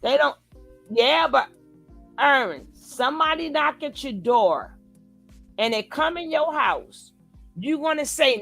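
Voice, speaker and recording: Soft background music plays under this woman's high-pitched, creaky voice, which moves slowly and pauses often. Reading her live chat and responding to it, she gives casual reaction commentary. She's animated, repeating quoted lines many times and switching voices for them.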